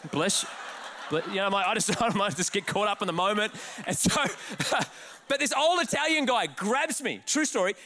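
An Australian pastor preaching with a lively, high-pitched voice, jumping up and down in tone. He laughs through his anecdote and acts out the people in it before turning to his message. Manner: animated, laughing, restarts words, acts out quotes. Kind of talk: sermon with storytelling.

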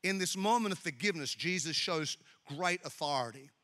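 A male pastor delivers a lively sermon with a high, bright, forceful voice, joking and repeating his words as he builds his points. The sound carries a long echo from a large hall. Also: a little fast. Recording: echoey hall with long reverb.

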